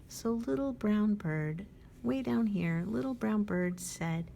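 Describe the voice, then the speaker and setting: A woman librarian reading a picture book aloud at storytime, animated and asking the children questions. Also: lowish voice, slow pace, gravelly, a little hiss or hum.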